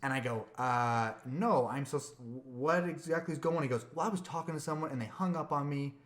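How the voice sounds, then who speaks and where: A man's voice: medium pitch, a little fast, a bit bright, reverberant. A man co-hosting a podcast, casually telling a long story, repeating words and acting out the quotes. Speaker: podcast co-host.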